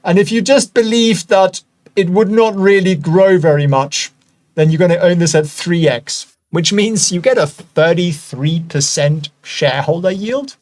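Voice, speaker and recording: Male stock-channel host with a German accent, high-ish voice, excitable and chatty, squeaky bursts on the exciting bits, whispered asides. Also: a little slow. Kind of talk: screen-share stock analysis.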